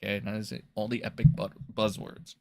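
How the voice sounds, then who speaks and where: A young man streaming, ranting angrily and profanely, mocking others in sarcastic high voices. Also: little pitch movement, brisk, vocal fry, warm tone, a little hiss or hum. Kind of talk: angry rant reacting to clips.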